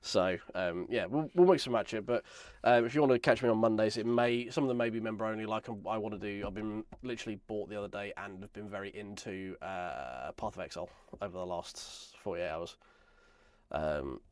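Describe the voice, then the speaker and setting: A man with a cold, talking in a croaky, gravelly voice as he chats casually and rambles through a live stream. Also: fairly low pitch, fairly even intonation, a little fast, darkish tone, no echo. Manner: rambling, self-deprecating. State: hoarse from a chest infection. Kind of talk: casual live-stream chat while building.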